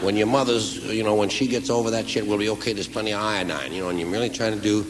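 A man doing a stand-up comedy routine, telling rambling, profane, animated stories. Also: lowish voice, fast, long reverb tail, background noise.

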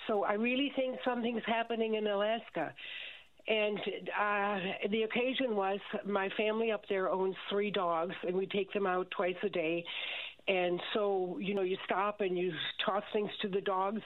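A woman calling in to a radio talk show, chatting earnestly and stopping to restart her words. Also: medium pitch. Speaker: caller. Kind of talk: call-in radio conversation. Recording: phone-line call.

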